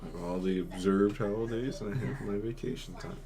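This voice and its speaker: A man's voice: lowish voice, fairly even intonation, a little fast, a crowd in the background. A man co-hosting a casual podcast, telling stories in a playful way and laughing often. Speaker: podcast co-host. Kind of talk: casual chat.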